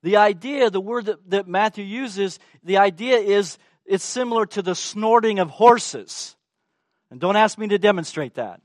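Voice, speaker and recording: A man's voice: high-pitched, expressive, moderate pace, no echo, studio quality. A man preaching a sermon, emphatic and asking the congregation rhetorical questions.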